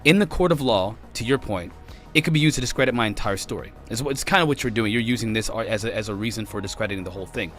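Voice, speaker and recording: A man's voice: lowish voice, quick pace, fairly bright tone, faint music behind. A man hosting a podcast, pushing back hard in a heated debate and often cutting in to hold the floor. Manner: interrupts, repeats "hold on" to push back. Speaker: podcast host.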